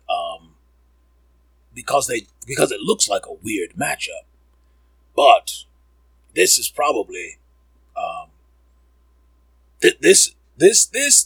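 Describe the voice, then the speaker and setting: A man's voice: lowish voice, fairly bright tone, breathy edge, no room sound, poor audio. A man hosting a comedic sports podcast, rambling and riffing with profanity.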